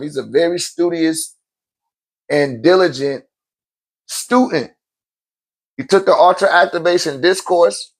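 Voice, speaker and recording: A man who is a spiritual teacher and event host, giving a casual motivational talk, cursing freely, laughing often and restarting phrases as he goes. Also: high voice. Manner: profane, emphatic, laughs often; repeats words while restarting phrases.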